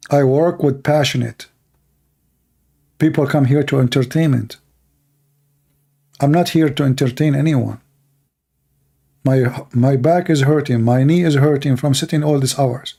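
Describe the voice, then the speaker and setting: A man with a gravelly, dark voice hosts a livestream and preaches with fervent conviction. He speaks in short declarative bursts. His voice is worn and hoarse from hours of talking. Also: medium pitch, steady tone, measured pace, pauses often. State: losing his voice. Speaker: livestream host. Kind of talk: impassioned preaching monologue.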